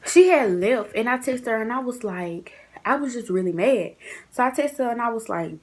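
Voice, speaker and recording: A young woman telling a story in a casual vlog, chatty and animated, acting out what people said. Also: mid-range voice, moderate pace, a little hiss or hum. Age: young adult. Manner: chatty, animated, acts out quotes in shifting voices.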